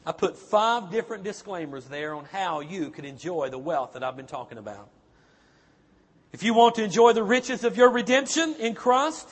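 A pastor preaching with a very high, husky voice that rises and falls widely as he presses his listeners with question after question. His voice rings through a church hall with a long, lingering reverb. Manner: emphatic preaching with rhetorical questions to the congregation. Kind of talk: sermon.

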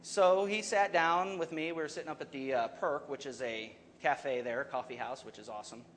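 Young guy pastor preaching, kinda high voice, keeps asking the crowd stuff, faint hiss behind. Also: normal speed, fairly bright tone. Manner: conversational, asks the congregation questions. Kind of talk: sermon.

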